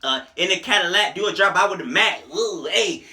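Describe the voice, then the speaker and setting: A young man casually reviewing an album, animated and profane, joking and rapping lines along. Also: high-pitched, fairly quick. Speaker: music reviewer. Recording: echoey room.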